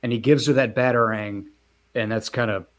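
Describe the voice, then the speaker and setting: A man with a mid-pitched voice co-hosts a casual comic book podcast. He walks through the plot in an easygoing way, full of "uh"s and "like"s. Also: steady tone, moderate pace. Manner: talks through plot recaps with many fillers. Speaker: podcast co-host.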